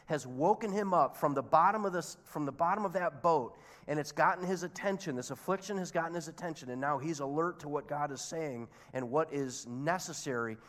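A man's voice: on the high side, fairly bright tone. A man preaching a sermon, telling the story expressively and acting out the characters' lines. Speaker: pastor. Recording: long hall reverb.

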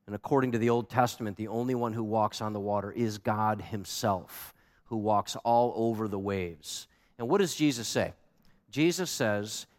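A man preaching a sermon as a pastor, animated and emphatic, asking the congregation pointed questions. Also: on the low side, a little slow. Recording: long hall reverb.

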